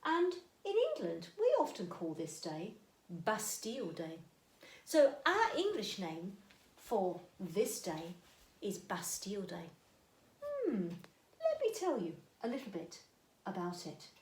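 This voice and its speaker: A woman teaching a French lesson to young children, talking slowly and clearly, sometimes singing greetings. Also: mid-range voice, reverberant. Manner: slow, animated teacher talk with sung greetings. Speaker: primary school French teacher.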